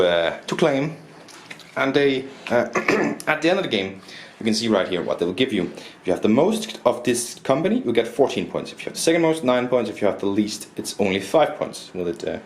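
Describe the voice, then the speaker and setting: Low-voiced man in an echoey room. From Denmark. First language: Danish. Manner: rambling, restarts often, self-deprecating asides. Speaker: board game reviewer. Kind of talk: casual explaining of game rules and opinion. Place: indoors at a table. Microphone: camera mic, self-recorded. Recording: roomy echo, faint background noise.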